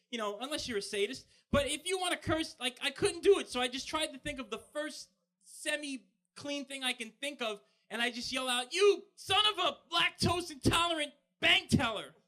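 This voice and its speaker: A man doing a stand-up comedy set on a live bar stage, delivering punchy jokes with quick asides into a handheld mic. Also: extremely high pitch, pushed and bright.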